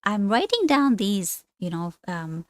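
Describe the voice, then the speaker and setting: A woman's voice: medium pitch, big pitch swings, a little slow, a little mellow, no echo. A woman teaching an online language lesson, explaining things on screen in a chatty, rambling way with frequent asides and self-corrections.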